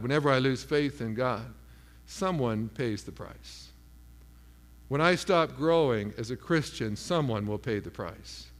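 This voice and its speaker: A man preaching to a room, his voice sitting a little high as he jumps into the voices of the people in his story. His words ring out into a long hall reverb. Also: a bit bright. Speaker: pastor. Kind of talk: sermon.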